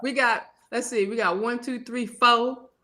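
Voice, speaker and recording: A woman co-hosting a casual chat, giggly and quick to exclaim. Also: on the high side, steady tone, background noise. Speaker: co-host.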